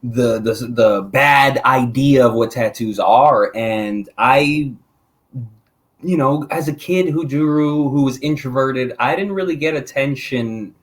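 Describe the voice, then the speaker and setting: Host: man with a slow, deliberate delivery, halting and thoughtful questions. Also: mid-range voice. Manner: halting, thoughtful, many ums. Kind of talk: interviewer in casual chat.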